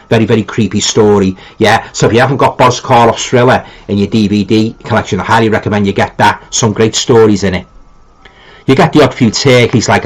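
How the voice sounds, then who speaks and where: A man's voice: fairly low pitch, poor audio. A middle-aged man with a Liverpool accent chats easily through a live stream, reading viewer comments aloud. His talk rambles in an informal way, full of ums, repeated starts and colloquial turns of phrase. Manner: rambling and chatty, with many ums and repeated restarts.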